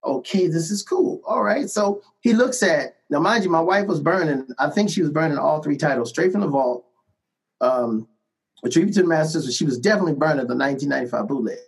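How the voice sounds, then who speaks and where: A middle-aged man recounts his career as a musician in a relaxed interview. His voice sits a little high for a man, and he tells his stories with animation, often laughing and checking in with "right?" along the way. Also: fast talker, creaky, rough recording. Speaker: musician guest. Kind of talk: casual storytelling interview.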